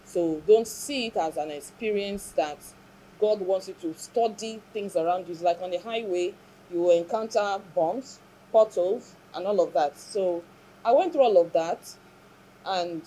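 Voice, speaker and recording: A woman speaks as an interview guest, earnest and reflective as she tells her story. Her voice is warm and mellow, at a middle pitch for a woman. A faint hiss sits under the recording. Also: a little slow, rough recording. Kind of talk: emotional personal testimony.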